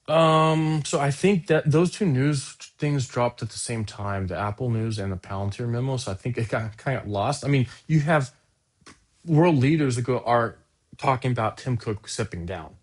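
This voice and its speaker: Sarcastic, rambling male podcast host. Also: on the low side. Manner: sarcastic, rambling, self-interrupting. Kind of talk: casual podcast commentary.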